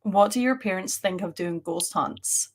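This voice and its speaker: A woman's voice: mid-range voice, a little slow. A young woman co-hosting a paranormal show, chatting casually on a live stream with lots of "like" and laughing. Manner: chatty, heavy use of "like", frequent laughter.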